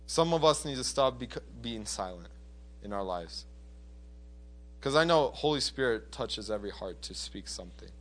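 A man preaching a sermon with passion, swinging from loud urgent appeals to hushed storytelling. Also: medium pitch, expressive, moderate pace.

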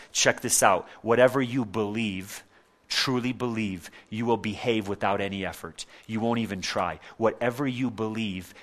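A male pastor delivering a sermon with a fairly low voice. He preaches emphatically, repeats his points, and throws rhetorical questions at his listeners. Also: fairly bright tone.

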